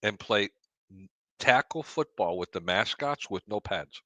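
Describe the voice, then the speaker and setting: A man co-hosting a sports call-in show, blunt and brash with loud opinions. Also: on the low side, lively intonation, measured pace, no echo. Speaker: co-host. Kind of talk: live call-in sports talk.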